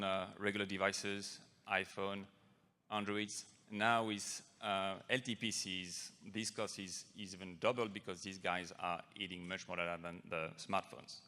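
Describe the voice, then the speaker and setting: A man with a French accent, a French native speaker, giving a halting conference presentation as a company CEO. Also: fairly low pitch, bright, forceful tone. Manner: halting, with frequent pauses. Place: large conference hall. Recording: long reverb of a conference hall.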